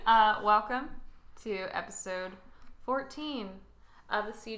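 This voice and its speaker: A young woman with a bright, forceful voice co-hosts a casual podcast. She talks in an animated way, laughs easily and rants with real feeling. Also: mid-range voice, slow pace. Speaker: podcast co-host. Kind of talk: casual chat.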